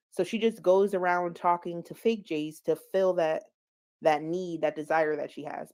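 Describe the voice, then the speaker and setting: A woman's voice: on the low side, darkish tone. A woman giving casual, gossipy commentary on online drama. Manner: chatty, gossipy, laughs at own stumbles. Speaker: commentary streamer.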